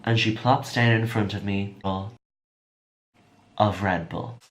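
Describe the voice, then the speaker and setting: A young man telling a chatty, excitable storytime vlog. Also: on the low side, takes it slowly, slight background noise. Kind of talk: casual storytime.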